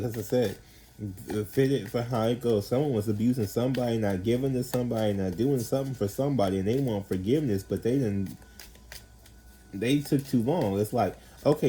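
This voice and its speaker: Man, casual tarot reader, mellow tone, slangy, rambling, swears a lot. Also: on the low side, slight background noise, poor audio. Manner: rambling, slangy and profane, heavy use of "like"; animated, acts out quoted people.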